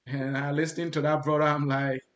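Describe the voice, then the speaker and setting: Joking host with a raised voice. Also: male voice, fairly high pitch, little pitch movement, brisk, lo-fi sound, a crowd in the background. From Liberia. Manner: informal, joking asides. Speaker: interview host. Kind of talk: conversational interview hosting.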